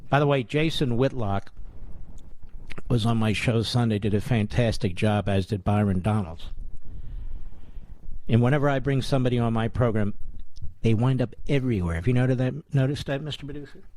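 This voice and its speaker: A man's voice: mid-range voice, normal speed, long pauses, a little mellow. A man in his sixties hosting a radio talk show, giving combative, sarcastic political commentary full of rhetorical questions. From United States. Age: 60s.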